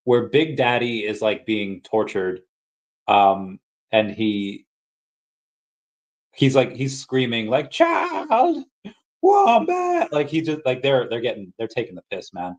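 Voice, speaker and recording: A man hosting a casual crypto livestream, rambling with many fillers and restarts and chatting with viewers. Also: mid-range voice. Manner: rambling, many fillers and restarts, bursts into shouted movie-quote impressions. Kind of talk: casual livestream chat, reading chat comments.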